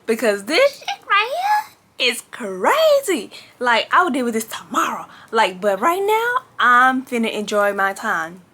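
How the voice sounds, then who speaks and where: A young woman speaks straight to her camera in a bright, ringing voice pitched a little high. She retells a personal story casually and with flair, leaning on "like" and "baby" as she goes. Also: a little slow. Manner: animated, dramatic retelling with frequent "like" and "baby". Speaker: vlogger telling a story.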